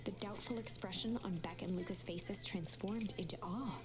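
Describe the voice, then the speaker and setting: A woman giving soft, measured, scripted storybook narration for a game. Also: mid-range voice, husky.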